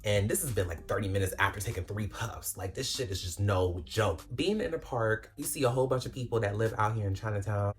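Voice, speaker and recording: A woman's voice: a bass voice, brisk, few pauses. Dramatic, foul-mouthed young woman storyteller. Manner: dramatic, swears freely, self-mocking. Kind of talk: casual storytime.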